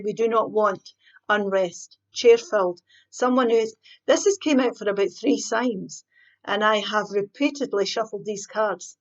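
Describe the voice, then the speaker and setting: Woman, tarot reader, chatty, thinking aloud, mid-pitched voice, slightly muffled recording. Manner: chatty, thinks aloud while pulling cards. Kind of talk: casual tarot card reading.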